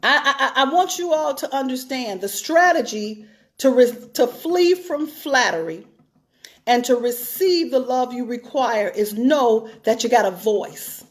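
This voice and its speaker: High-voiced woman preaching with emphasis. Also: expressive, unhurried. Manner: emphatic, repeats phrases for stress. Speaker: pastor. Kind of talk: sermon-style teaching talk.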